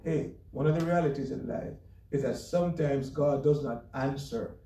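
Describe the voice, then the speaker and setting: A man's voice: mid-range voice, moderate pace, warm tone. A man preaching a sermon as pastor, earnest and emphatic, with light chuckles between points. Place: church sanctuary. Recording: echoey church room, mic far off.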